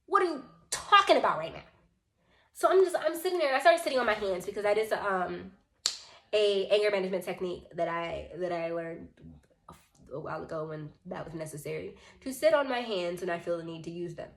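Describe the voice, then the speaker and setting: A woman's voice: lowish voice, fairly quick, creaky. A woman vlogger telling a storytime in a casual, rambling way and acting out what others said. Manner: rambling, animated retelling with acted-out quotes.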